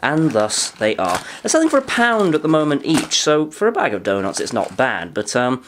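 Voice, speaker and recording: A man's voice: medium pitch, wildly swooping pitch, normal speed, a little hiss or hum. A young man giving a casual, dry-humoured food review, often talking while chewing. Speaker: food vlogger.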